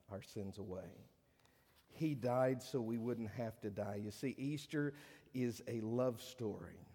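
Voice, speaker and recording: Man preaching in an echoing hall. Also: on the low side. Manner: preaching with swelling emphasis and hushed drops. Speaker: pastor. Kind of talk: sermon. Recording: long reverb of a large hall.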